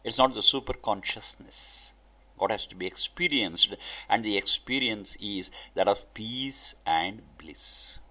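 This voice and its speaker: A man giving a spiritual discourse, speaking deliberately in short emphatic phrases. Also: fairly low pitch, sharp tone. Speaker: spiritual teacher.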